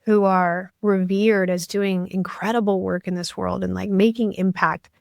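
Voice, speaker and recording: A woman's voice: mid-range voice, little pitch movement, normal speed, vocal fry, no room sound. Earnest woman podcast host, dry sound. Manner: earnest, emotional, many fillers like "like" and "you know". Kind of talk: conversational interview.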